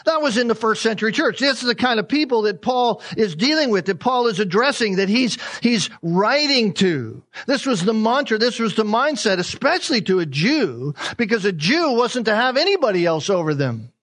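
Pastor, male, high voice, emphatic sermon delivery with repeated phrases and rhetorical questions. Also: big pitch swings, moderate pace, hardly any pauses, a bit bright.

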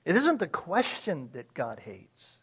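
A man with a notably high voice preaches with conviction. He presses his points and asks his listeners rhetorical questions along the way. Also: huge pitch swings, a little slow, fairly bright tone, breathy edge. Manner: emphatic, uses rhetorical questions and acted quotes. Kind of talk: sermon.

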